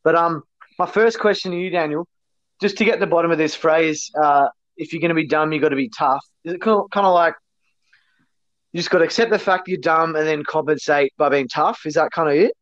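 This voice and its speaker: A man hosting a casual chat, lightly pitched and easygoing as he leads his guest with questions. The recording is dry, dull and lo-fi, with little room sound. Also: steady tone, fairly quick, fairly bright tone, no room sound. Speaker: host.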